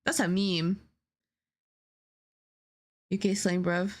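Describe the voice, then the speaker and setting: A woman's voice: medium pitch, unhurried. A woman streamer chatting casually while making pixel art, playful and laughing at herself. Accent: none, not British. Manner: playful, laughs at her own attempts at slang.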